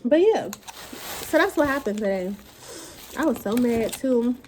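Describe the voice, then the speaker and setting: A woman's voice: fairly high pitch, lively intonation, a little slow, a little mellow, slight background noise. A woman vlogger talking while she eats, in a blunt, profane, casual rant. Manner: talks while eating.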